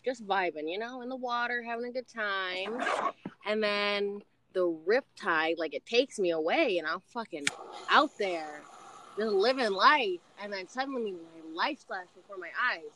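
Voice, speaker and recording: A woman's voice: medium pitch, bright, forceful tone, slight background noise, poor audio. A young woman chatting casually with friends outdoors at night, swearing freely and laughing easily as she tells stories. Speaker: podcast co-host. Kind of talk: casual chat among friends.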